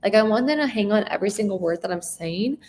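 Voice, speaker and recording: A woman giving a live sales training talk, very expressive, shifting her tone and emphasis and checking in with frequent rhetorical questions. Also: medium pitch, fast. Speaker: sales coach.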